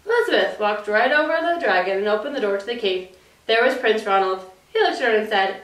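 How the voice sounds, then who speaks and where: A woman childcare teacher reading a picture book aloud at story time, affectionate and expressive. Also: medium pitch, a little fast. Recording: roomy, distant mic.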